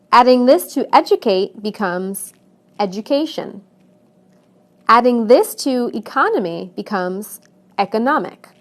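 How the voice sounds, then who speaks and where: Slow, clear woman teaching pronunciation. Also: a little high. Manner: clear, deliberate, stresses example words. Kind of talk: slow scripted lesson narration.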